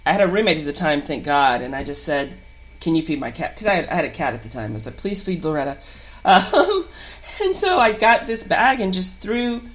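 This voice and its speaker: A woman actor talking in a casual podcast chat, her voice sitting a little low. She tells stories in an animated way and breaks into laughs between excited bursts. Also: fairly quick. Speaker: guest actor.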